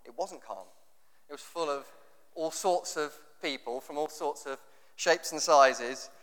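An English pastor with a slightly high, fairly bright voice preaches at a measured pace. His sermon is conversational and jokey, and he often acts out what people say. The recording carries a long hall reverb.

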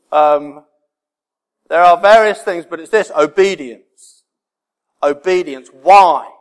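Man, pastor preaching, fairly high voice, repeats words for emphasis, long hall echo. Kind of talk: sermon. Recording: reverberant hall.

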